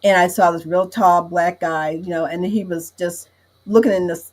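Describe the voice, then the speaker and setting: A woman's voice: on the low side, fairly even intonation, moderate pace, darkish tone, low-quality recording. A woman guest on a podcast telling a heartfelt story in casual chat, often repeating "I said".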